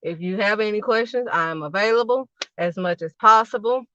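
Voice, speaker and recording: Emphatic preaching woman, bright and dry. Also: medium pitch, brisk, no room sound, highs cut off. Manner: emphatic, repetitive, punchy phrases. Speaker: host of a faith channel. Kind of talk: casual preaching to camera.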